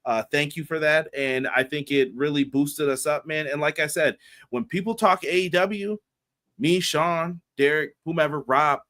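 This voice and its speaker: Male podcast co-host, bright, slightly high voice, energetic shout-out reader. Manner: hyped, rapid shout-out reading. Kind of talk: casual podcast chat.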